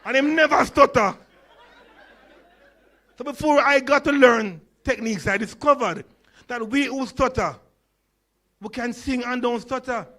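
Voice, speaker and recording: High-voiced Jamaican man with a stutter. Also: measured pace, pauses often, sharp tone, some chatter behind. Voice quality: stutter and lisp. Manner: storytelling, engages audience with questions. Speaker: conference speaker. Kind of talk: humorous keynote talk.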